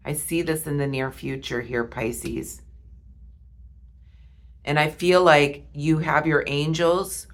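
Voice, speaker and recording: A woman reading tarot cards, talking slowly and softly with heartfelt pauses. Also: deep voice. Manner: slow, soft and heartfelt, with pauses. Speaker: tarot reader.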